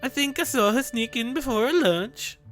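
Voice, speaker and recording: A man voicing a nervous young woman librarian in a game playthrough, speaking loudly and drawing out her words. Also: very high voice, normal speed, soft background music, pitched above the performer's own voice. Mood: flustered. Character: flustered high-pitched young woman librarian.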